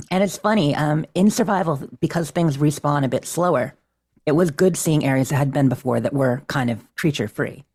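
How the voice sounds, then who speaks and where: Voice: mid-range voice, darkish tone. A podcast co-host casually recapping a game playthrough, chatty and self-deprecating, often laughing.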